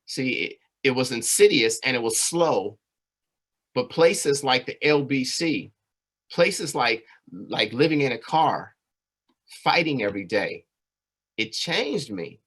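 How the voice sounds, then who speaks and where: A man's voice: medium pitch, expressive, unhurried, long pauses, fairly bright tone. Earnest man telling his life story. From California. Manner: earnest, conversational, frequent "right?" and "you know". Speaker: community speaker. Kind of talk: personal storytelling presentation.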